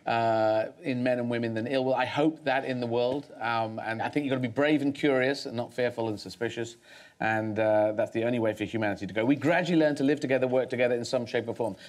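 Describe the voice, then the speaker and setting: A man's voice: medium pitch, fairly even intonation, fast. A man as a guest on a talk show, speaking thoughtfully, rambling, with many restarts.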